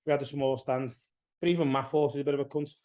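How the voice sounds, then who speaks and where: Loud profane Englishman telling stories. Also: mid-range voice, fairly even intonation, fast talker. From England. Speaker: podcast guest. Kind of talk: casual chat.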